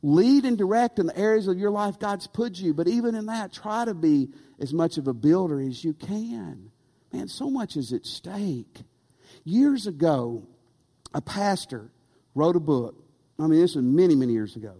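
A pastor preaching with lively, swooping intonation, pitched a touch high for a man. He throws rhetorical questions and "amen?" at the congregation. A long reverb from the church hall trails every phrase. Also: normal speed. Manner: animated, rhetorical, calls for amen. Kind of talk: sermon.

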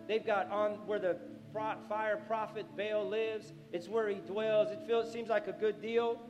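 A man preaching a sermon as pastor, animated, acting out the people in the story. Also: high-pitched, unhurried. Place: church sanctuary. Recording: echoey hall with music.

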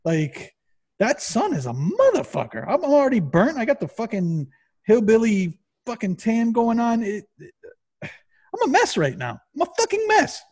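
A man co-hosting a podcast in casual chat, rambling and swearing constantly in an animated way. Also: extremely high pitch, unhurried. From Massachusetts. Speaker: podcast co-host.

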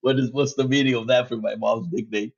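A man's voice: mid-range voice, steady tone, fairly quick, creaky. A man hosting a casual solo podcast. He laughs often, swears freely and drops Spanish words into his English. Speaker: podcast host. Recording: dull lo-fi sound.

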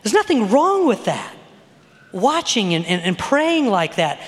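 A man's voice: high-pitched, sing-song, unhurried, fairly bright tone, in a large hall. A middle-aged man preaching a sermon as a pastor, in a conversational style that keeps checking in with "okay?" and "all right?". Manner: conversational preaching with frequent "okay?" tag questions.

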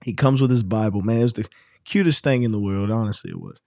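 A man's voice: lowish voice, quick pace, creaky, warm tone, no echo, clean studio sound. A man hosting a podcast, chatting casually and teasing his co-host with a story. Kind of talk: casual chat.

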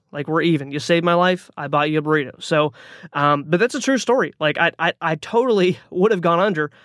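A male podcast host tells a personal story as a motivational monologue, speaking casually with lots of fillers and restarts. His voice sits high and is a bit bright. The recording is dry with clean studio sound.

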